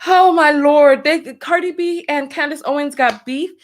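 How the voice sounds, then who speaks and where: A woman's voice: high voice, a little slow. A woman hosting a casual livestream, reading donations aloud, laughing often and exclaiming "oh my Lord" and "have mercy.". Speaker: livestream host.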